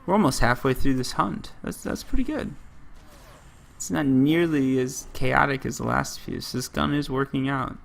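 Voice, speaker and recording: A man's voice: mid-range voice, moderate pace, creaky. A man from the United States giving rambling gameplay commentary, often breaking off mid-story and leaning on "like.". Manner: rambling, self-interrupting, lots of "like". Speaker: gaming channel host.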